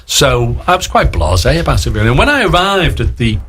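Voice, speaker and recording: A man's voice: medium pitch, sing-song, brisk, fairly bright tone, slightly rough. A man in his sixties from Liverpool, with a Liverpool accent, telling rambling show-business stories as a guest on a radio interview. He keeps acting out what other people said. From Liverpool, England. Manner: rambling storyteller who acts out other people's lines. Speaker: guest actor.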